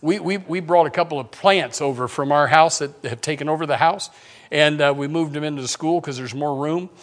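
A man's voice: fairly high pitch, fairly quick. A man preaching a conversational sermon as pastor, with repeated restarts and joking asides.

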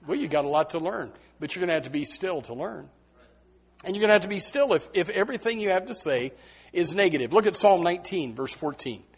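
Male pastor, sermon, high breathy voice, very animated pitch, emphatic and repetitive. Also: fast talker. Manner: emphatic, repeats phrases, swings from hushed to loud. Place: church sanctuary.

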